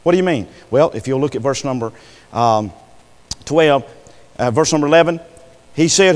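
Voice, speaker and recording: A man's voice: mid-range voice, normal speed, pauses often. A man preaching a sermon in a folksy way, calling out "Amen" and throwing rhetorical questions at the congregation. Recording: long hall reverb.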